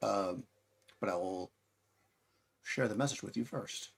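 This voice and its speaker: A man's voice: on the low side, unhurried, vocal fry, husky. A man running a tabletop game as game master, explaining rules and correcting himself as he goes.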